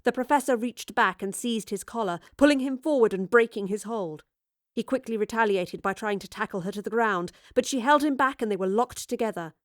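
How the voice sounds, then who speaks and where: A woman narrating a serial story aloud with measured, vivid storytelling. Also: a little high, no echo, clean studio sound. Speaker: audiobook narrator.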